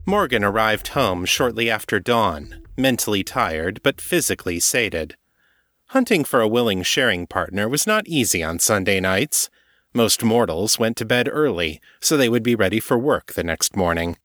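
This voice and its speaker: A man narrates a novel in a steady, measured audiobook read. His voice sits on the low side, recorded close on a studio mic in a dry space with no room sound. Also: dry recording.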